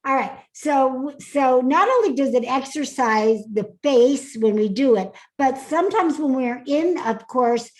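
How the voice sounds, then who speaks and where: A woman's voice: high voice, lively intonation, unhurried, hardly any pauses, rough recording. A woman speaking coach leading a live online masterclass, upbeat and laughing often, calling on attendees by name.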